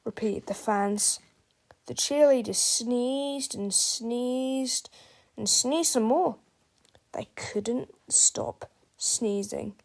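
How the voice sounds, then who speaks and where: A woman narrating a children's book read-aloud in a slow, expressive way, often talking straight to the listener. Her voice sits fairly high, with a gravelly texture. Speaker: storybook reader.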